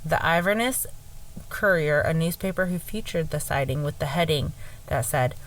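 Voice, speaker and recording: A woman co-hosting a podcast who tells a story casually from her notes, chatty and quick to correct herself and laugh it off. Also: low voice, low-quality recording. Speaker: podcast co-host.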